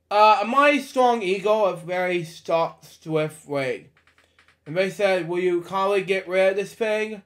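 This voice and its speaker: A man's voice: sits high, a bit bright. A man reading a children's picture book aloud, stumbling over words and breaking off for chatty side comments. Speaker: storybook reader.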